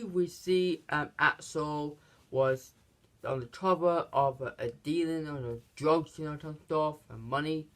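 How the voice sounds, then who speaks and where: Man, movie reviewer, casual recap, halting and rambling delivery. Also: fairly high pitch, a bit bright. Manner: rambling, halting, many fillers and restarts.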